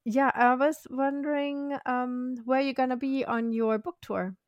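A woman's voice: sits high, fairly even intonation, measured pace, dry recording, dull audio. A woman hosting a podcast interview, encouraging her guest with short replies and laughter. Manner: encouraging, frequent listening noises and laughs. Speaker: podcast host. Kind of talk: casual interview.

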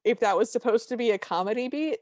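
A woman's voice: a little high, fast talker, darkish tone, no echo, studio quality. A woman co-hosting a podcast, giving wry, detailed recaps in casual chat. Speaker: podcast co-host.

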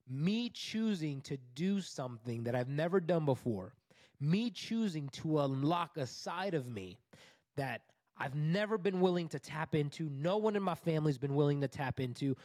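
A man in his thirties tells a story in a relaxed interview, his voice sitting a little high for a man and staying lively as he talks. He talks loosely, throwing in "like" and "bro" as he goes. The recording is dry and close, with almost no room sound. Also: no room sound. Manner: animated, conversational, fillers like "like" and "bro". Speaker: divorce recovery coach, podcast guest.

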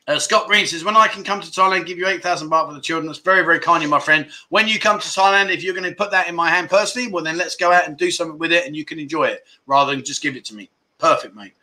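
A man hosts a casual livestream chat show, reading out viewer comments and trading jokey banter. His voice is strikingly bright and sharp and sits somewhat high for a man. He talks loosely with plenty of fillers and friendly jabs. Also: very fast. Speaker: livestream host.

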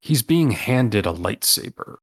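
A man's voice: medium pitch, big pitch swings, unhurried, breathy edge. A man running a tabletop role-playing game as game master, rambling with many ums and restarts.

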